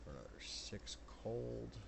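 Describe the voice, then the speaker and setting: A man running a tabletop game as game master, blunt and brisk, who swears casually. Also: mid-range voice, expressive, gravelly, background noise.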